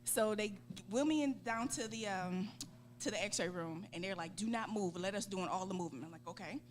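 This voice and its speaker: A woman in her forties with a Southern US accent, a guest on a talk show, telling a lively story and acting out voices. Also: mid-range voice, brisk. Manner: laughing, acts out voices in quotes. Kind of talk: animated storytelling. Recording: steady background hum.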